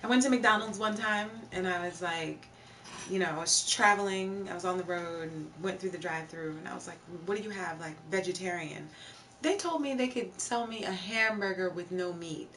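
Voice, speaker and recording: A young woman greets people from chat while chatting casually on a live stream. She speaks at a moderate pace in a lowish, somewhat bright voice, recorded on a slightly distant mic with faint background noise.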